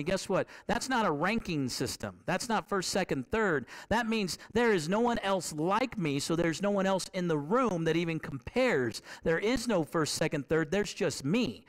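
A man's voice: high voice, lively intonation, normal speed, hardly any pauses. A man preaching a sermon in a conversational way. He asks the congregation questions and repeats key phrases to drive them home.

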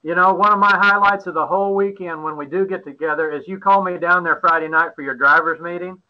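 A man hosting a live-stream trucking show, chatting with guests and pitching a contest in upbeat, folksy promotional patter. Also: fairly even intonation, fast talker, dull audio. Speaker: host.

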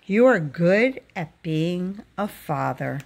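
A woman voicing a young boy who talks quietly and earnestly, in a lively storybook reading. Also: on the low side, slow pace, gravelly, full character voice. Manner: quiet, earnest, sometimes whispering.

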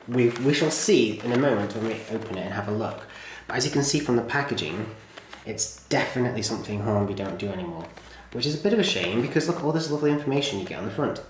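A man chatting enthusiastically as he reviews a model train, with rambling asides. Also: medium pitch. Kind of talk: casual hobby video review. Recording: very echoey room, faint noise.

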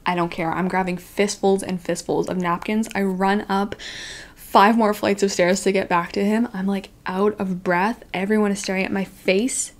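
A young woman in her twenties tells a story straight to camera as a book vlogger. Her delivery is animated and self-mocking, with her voice sitting in a middle pitch for a woman. She peppers her sentences with "like" and laughs at herself as she goes. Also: normal speed. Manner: animated, self-deprecating, says "like" often.

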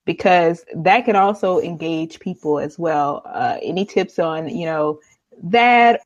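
A woman's voice: on the low side, measured pace, dry recording, lo-fi sound. A woman hosting a podcast interview, enthusiastic and affirming toward her guest. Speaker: podcast host.

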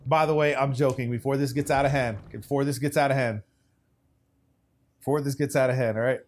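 A young man streaming a game, chatting loosely with his viewers in slangy banter that swings from hype to low mutters. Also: steady tone, fairly quick. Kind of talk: casual gaming stream commentary.

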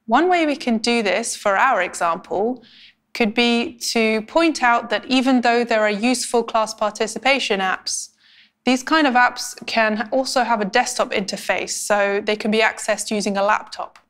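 A woman teaching academic writing in a clear, measured, scripted explainer style. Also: on the high side, fairly bright tone. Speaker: language instructor.

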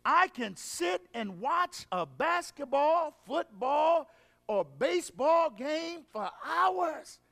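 A man preaching at a revival in a large hall, his very high, gravelly voice ringing out over a long reverb. He stretches his phrases slowly, throws questions back at the congregation, and breaks into shouts. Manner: call-and-response preaching, drawn-out phrasing, bursts of shouting. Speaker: evangelist preacher. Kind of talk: revival sermon.

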